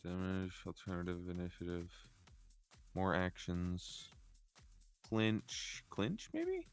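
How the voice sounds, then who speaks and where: Low-voiced man thinking aloud over rules. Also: huge pitch swings, takes it slowly, smooth, faint music behind. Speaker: player. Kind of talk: tabletop game chat.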